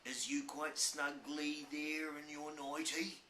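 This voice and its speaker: A huge soft-hearted giant , as a man reads him aloud, speaking in a slow, lifted drawl and tangled grammar from a storybook. The voice sounds bright and roomy, picked up from a distance with faint hiss behind it. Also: a little high, completely flat delivery, pitched above the performer's own voice. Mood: gentle, concerned. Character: kindly huge male giant, tender and easily moved.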